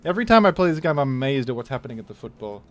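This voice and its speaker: A man's voice: mid-range voice, very animated, racing. Joking man streaming a game. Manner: joking, rambling, exclaims loudly when surprised. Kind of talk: casual live-stream commentary.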